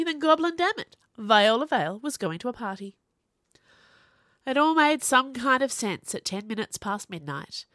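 A woman narrating an audiobook in an expressive, wry manner. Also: mid-range voice, no room sound, studio quality.

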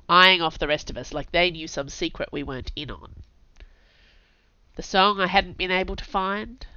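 A woman's voice: lowish voice, bright, forceful tone, dry recording, dull audio. Wry woman narrating a novel. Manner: wry, sardonic storytelling. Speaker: audiobook narrator. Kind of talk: first-person novel narration.

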